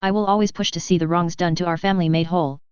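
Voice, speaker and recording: A sneering, vengeful young nobleman from a storybook reading, mocking and bitter in his delivery, as a woman reads him. The voice sits low and very smooth, in a dry, dull lo-fi recording. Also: fairly even intonation, racing, darkish tone, no room sound, natural voice.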